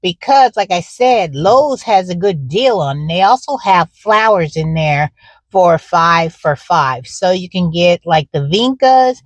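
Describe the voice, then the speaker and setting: A chatty woman vlogging about gardening, her voice a bit low and rambling with plenty of ums. The sound is close and dry, as if recorded on a phone. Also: no echo. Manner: chatty, rambling, frequent fillers. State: out of breath. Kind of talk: casual vlog chat. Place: in a car.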